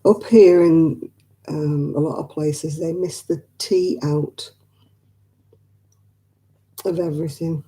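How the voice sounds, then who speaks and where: Woman host, rambling livestream chat with viewers, easy laugh, deep mellow timbre. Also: steady tone, slow, long pauses. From northwest England. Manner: chatty, rambling, laughs easily. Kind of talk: casual chat with live viewers.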